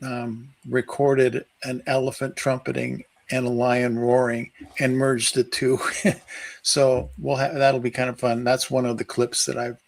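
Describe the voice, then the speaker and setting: A man recounts a story as a guest on a live-streamed show. He talks slowly and stops to restart his sentences, and his pitch sits in an ordinary middle range. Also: little pitch movement, low-quality recording. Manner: unhurried, halting storytelling. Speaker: guest researcher. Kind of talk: telling a personal story in a live-stream interview.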